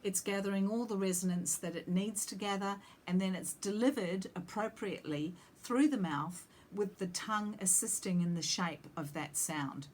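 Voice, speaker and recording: A woman's voice: mid-range voice, moderate pace, hardly any pauses, darkish tone, slight background noise. A woman singing teacher explaining vowel shapes, breaking off to sing short demonstration vowels. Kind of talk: vocal lesson with sung demonstrations.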